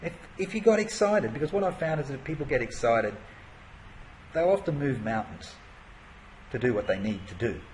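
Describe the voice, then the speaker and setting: A man's voice: mid-range voice, expressive, normal speed, pauses often, darkish tone, a little hiss or hum, poor audio. A man teaching an online marketing course in a conversational way, full of rhetorical questions and fillers. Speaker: internet marketing coach.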